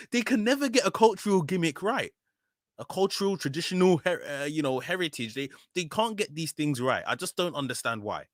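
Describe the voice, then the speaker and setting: A man's voice: a little high, no echo, studio quality. A man with a British accent giving a casual, opinionated wrestling review, often frustrated, full of "um" and "you know". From Nigeria.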